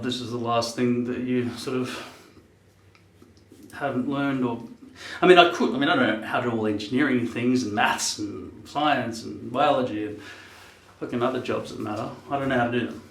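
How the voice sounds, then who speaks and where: A middle-pitched man in his fifties chats to camera in a loose, wandering way, cursing casually as he thinks aloud. The room around him is echoey. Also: slight background noise. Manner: rambling, swears casually, muses aloud. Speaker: vlogger. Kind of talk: casual rambling chat to camera.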